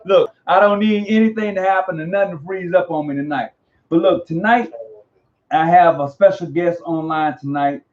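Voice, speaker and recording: High-voiced man hosting, lo-fi. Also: normal speed. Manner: animated, slangy, repeats himself. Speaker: host. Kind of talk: casual live online interview. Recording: dull lo-fi audio.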